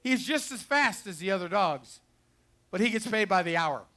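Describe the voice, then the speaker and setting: A man with a high-pitched, animated, sharp-toned voice speaks at a moderate pace as a dog trainer and show host. Using a handheld or headset mic by a fair pond with a dock, he shows off retriever dogs with joking, folksy remarks.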